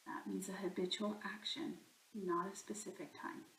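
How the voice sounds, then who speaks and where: A woman's voice: mid-range voice, level tone, moderate pace, vocal fry, a bit bright, a little hiss or hum. Patient woman teaching grammar, echoey room. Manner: patient, explains step by step. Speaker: Spanish teacher. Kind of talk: recorded grammar lesson.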